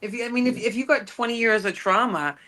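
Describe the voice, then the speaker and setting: Bright emphatic woman host. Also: a little high, fast. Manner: emphatic, tags points with rhetorical questions. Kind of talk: casual panel discussion.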